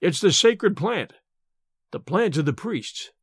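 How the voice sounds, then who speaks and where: A secretive, rattled male scholar speaks in a faltering, breathless way, as a man reading an audiobook plays him. His voice is high and lively, rising and falling a lot. The sound is dry and close. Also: takes it slowly, breathy edge, dry recording, heavily acted. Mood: evasive. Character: shaken, secretive male scholar, fat and pallid. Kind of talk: audiobook character voice.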